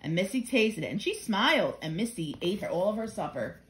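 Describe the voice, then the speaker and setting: A woman reading a children's picture book aloud with gentle, expressive storytelling. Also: medium pitch, fairly quick.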